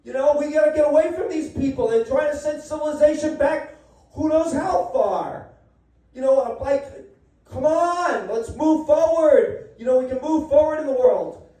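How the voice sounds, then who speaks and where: A man's voice: very high-pitched, moderate pace, mellow. A man doing a rambling, profane stand-up rant at an open mic in a coffee shop, often stumbling over his words. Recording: echoey room from far off.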